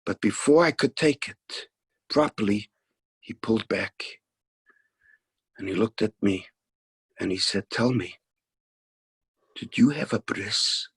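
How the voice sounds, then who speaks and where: Male storyteller, slow and husky, lowish voice, reenacts dialogue, dry close sound. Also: dry recording. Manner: unhurried, reenacts dialogue, drops to near whisper at tender moments. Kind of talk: spoken storytelling.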